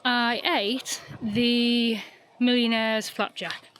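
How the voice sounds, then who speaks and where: Woman, casual vlog narration, self-mocking, slightly high pitch, faint background noise. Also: steady tone, drawn-out words, a bit bright. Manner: chatty, self-mocking, talks to her dog. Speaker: vlogger. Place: outdoors on a dog walk and in a campervan.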